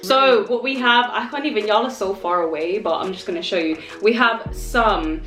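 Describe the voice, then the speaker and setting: A young woman chats through a mukbang at her table, teasing and quick with slang. Her voice sits mid-range. The room is echoey, and music plays in the background. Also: medium pitch, lively intonation. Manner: joking, playful slang. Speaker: vlogger host. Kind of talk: casual mukbang chat. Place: home dining table, indoors. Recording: roomy echo with background music.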